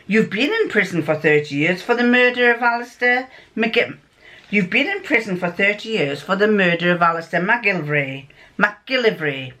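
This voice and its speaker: An older woman reading out the lines of a calm male detective, in her own voice, tripping now and then over long words. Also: medium pitch. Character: calm, measured male detective giving advice. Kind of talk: reading a story aloud.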